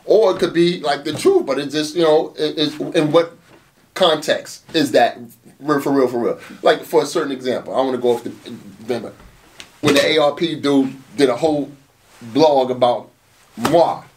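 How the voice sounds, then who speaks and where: A man who runs a battle rap league, telling stories in a casual interview, animated and swearing often. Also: on the high side, normal speed, distant mic, a little hiss or hum. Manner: animated storytelling, frequent swearing and "you know what I'm saying".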